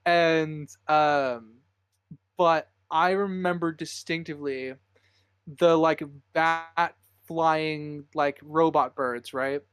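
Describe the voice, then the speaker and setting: Guy hosting a movie podcast, kinda high voice, rambles and laughs a lot, dry close mic. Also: extremely slow, a bit bright, clean tone, no room sound. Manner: rambling, laughs often, many fillers. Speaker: podcast host. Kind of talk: casual podcast chat.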